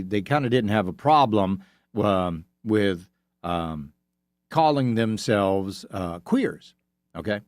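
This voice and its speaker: Casting: male radio host, sarcastic and mocking, animated swings in pitch, dry studio mic. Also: dry recording. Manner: sarcastic, mocking, spells things out slowly. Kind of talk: opinionated talk radio monologue. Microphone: studio microphone.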